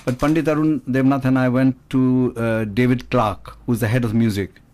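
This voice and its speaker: A man's voice: medium pitch, steady tone, moderate pace, a little mellow. A man in his sixties, a guest musician, chatting expansively on a radio talk show and telling digressive stories. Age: 60s. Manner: expansive, digressive storyteller who demonstrates with his voice. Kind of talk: conversational radio chat.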